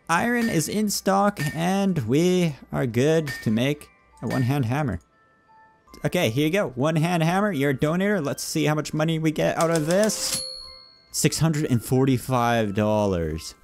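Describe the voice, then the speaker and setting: A man's voice: mid-range voice, animated, a little slow, pauses often, faint music behind. A young man giving playful let's play commentary, chatting with game customers like a shopkeeper. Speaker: gaming YouTuber.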